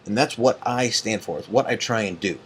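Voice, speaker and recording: A man's voice: fairly low pitch, fairly quick, breathy edge. A tired man ranting late at night as an online group admin, angry and profane, rambling with many fillers. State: tired and yawning.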